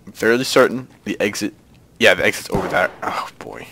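A young man giving tense live commentary on a shooter game, dropping to whispers and breaking into panicked yells. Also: lowish voice, animated, fairly quick, vocal fry, slightly rough. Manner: jumpy, swings from whispers to panicked yelling. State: out of breath. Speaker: gaming commentator.

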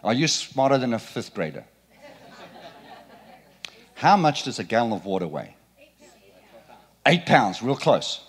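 A middle-aged man preaching a sermon in a church, playful and animated, quizzing the congregation. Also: mid-range voice, a little slow, pauses often, husky. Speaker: pastor. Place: church sanctuary.

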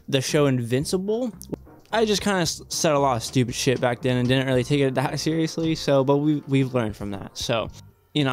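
A young man hosting a reaction video, chatting casually with rambling sarcastic asides and casual swearing, close to a desk mic. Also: fairly high pitch.

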